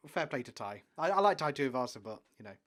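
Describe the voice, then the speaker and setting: Brief: male podcast co-host, mid-pitch, casual and enthusiastic sports chat. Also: big pitch swings, quick pace. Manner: chatty, enthusiastic, trails off quietly.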